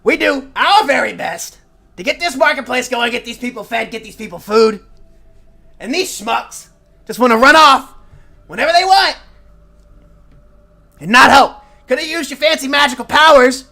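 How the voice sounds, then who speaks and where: A man voicing a cranky old male gnome who yells and complains indignantly. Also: extremely high pitch, expressive, moderate pace, gravelly, long pauses, pitched above the performer's own voice, full character voice. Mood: cranky yelling. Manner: yelling, grumbling, indignant.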